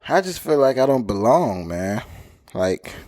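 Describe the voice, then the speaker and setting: A man's voice: very animated, measured pace, a little mellow, no room sound. Mumbling male co-host, dry close sound. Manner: low, mumbling, filler-heavy delivery. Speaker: podcast co-host. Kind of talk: casual chat.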